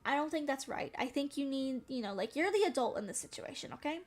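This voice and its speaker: A woman's voice: high-pitched, expressive, fast talker. A young woman streamer telling a personal story in casual chat, frank and chatty, swearing now and then. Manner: calls herself very sensitive.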